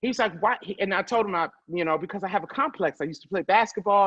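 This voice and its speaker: A woman comedian telling stories as a guest, loud and profane, quick to laugh. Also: mid-range voice, highs cut off. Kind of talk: animated storytelling.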